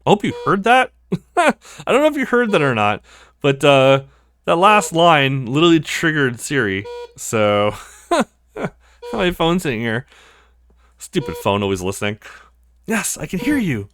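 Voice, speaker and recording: A man's voice: fairly high pitch, big pitch swings, unhurried, long pauses, fairly bright tone. A man casually commenting as he plays a game blind, laughing often. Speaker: gameplay host. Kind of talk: blind let's play commentary.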